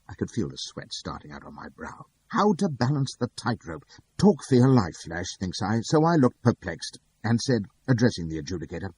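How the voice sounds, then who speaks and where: Man reading a novel in first person, wry asides, low voice, lively up and down. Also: fairly quick, breathy edge. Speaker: audiobook narrator.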